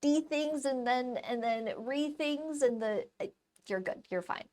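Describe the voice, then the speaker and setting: Soft-spoken woman chatting while painting. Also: fairly high pitch, a little slow. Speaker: live-stream artist host. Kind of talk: casual stream chat while painting.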